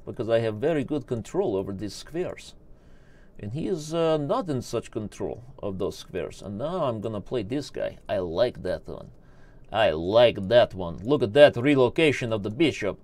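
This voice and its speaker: A man's voice: medium pitch, big pitch swings, normal speed, creaky, darkish tone. A man playing a grandiose character with a thick put-on accent who speaks broken, stilted English while commentating his own online chess game.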